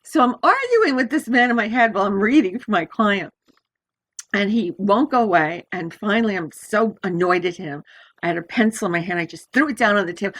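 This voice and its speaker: Older female astrologer, lively storyteller, laughs often, mid-range voice. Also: mid-range voice, normal speed. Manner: animated, laughs often, acts out voices in her stories. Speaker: astrologer guest. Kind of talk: storytelling in a podcast interview.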